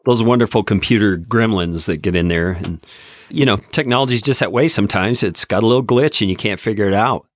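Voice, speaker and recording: A man, a podcast host, telling stories in a relaxed, reflective casual chat. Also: fairly low pitch, a little fast, dry recording, studio quality.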